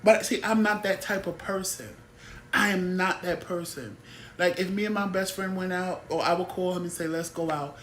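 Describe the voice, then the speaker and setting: A talk show host holds forth in a casual, blunt way, exasperated by people who take advantage. The voice sits at a middle pitch. The room is echoey, with a faint hum of noise underneath. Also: moderate pace.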